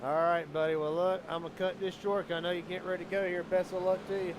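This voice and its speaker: A man calling a live sim race as commentator, excitable and quickening with the action. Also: high voice, a little hiss or hum.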